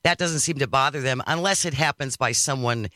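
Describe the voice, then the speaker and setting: A man's voice: mid-range voice, a little fast, no room sound, studio quality. A man hosting a political talk radio show, chatting casually and sarcastically with his co-host and reading listener messages. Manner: sarcastic, lively delivery.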